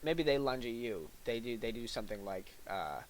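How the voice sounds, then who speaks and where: A young man giving a deadpan parody lecture, halting and full of fillers, with mock-serious delivery and little acted-out asides. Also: medium pitch, poor audio.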